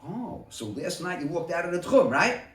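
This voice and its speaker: A man leading a Talmud study group who talks through a case by acting out both sides in quick exchanges. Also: high voice, very animated. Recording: roomy, from a distance.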